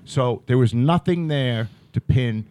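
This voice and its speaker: A man's voice: medium pitch, measured pace, warm tone, no echo. A man co-hosting a podcast in casual political chat, blunt, heated and profane. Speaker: podcast co-host.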